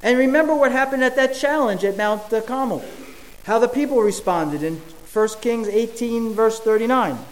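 A male preacher delivers a sermon with an earnest, explaining tone. His voice is fairly high for a man, and he pauses often with fillers. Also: poor audio.

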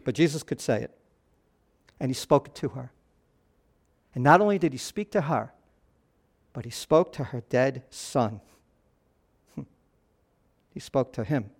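A middle-aged man preaching a sermon as a pastor, moving between soft, hushed passages and raised, animated ones. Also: mid-range voice, a little slow, long pauses.

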